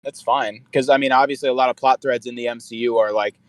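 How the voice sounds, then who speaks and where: A man's voice: medium pitch, steady tone, quick pace, no room sound, poor audio. A young man co-hosting a casual podcast chat, rambling, swearing freely and quoting movie lines. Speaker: podcast co-host. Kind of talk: casual chat reviewing a film trailer.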